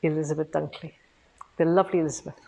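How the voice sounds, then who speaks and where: A woman's voice: sits low, steady tone, very fast, vocal fry, dark tone, slight background noise. A woman hosting a casual live stream from an indoor showroom, chatty and bubbly, laughing often. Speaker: host.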